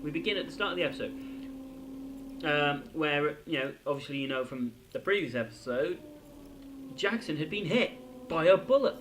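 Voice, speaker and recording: A young man reviews a TV episode for his channel in a casual, unscripted way. His voice sits a little high for a man, and he piles on fillers and restarts as his enthusiasm builds. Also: normal speed, long pauses, a little hiss or hum, low-quality recording. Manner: excitable, rambling, lots of fillers and restarts.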